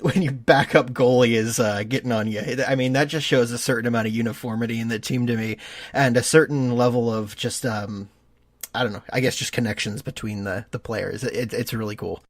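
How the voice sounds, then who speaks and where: A man's voice: mid-range voice, fairly even intonation, brisk, dry recording, studio quality. A man co-hosting a casual sports podcast, earnest and thinking aloud with frequent restarts. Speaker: podcast co-host.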